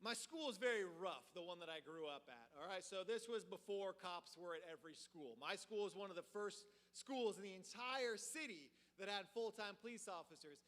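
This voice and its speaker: A man preaching a storytelling sermon in a church, animated and full of filler words. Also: high-pitched, moderate pace, hardly any pauses. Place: church sanctuary. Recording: reverberant hall.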